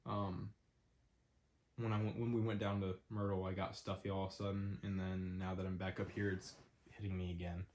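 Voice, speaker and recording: A man's voice: low voice, level tone, fast talker, darkish tone, slight background noise. Stuffy-nosed young man rambling. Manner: rambling, lots of "um" fillers. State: stuffy nose. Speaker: podcast host. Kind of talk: casual solo podcast chat.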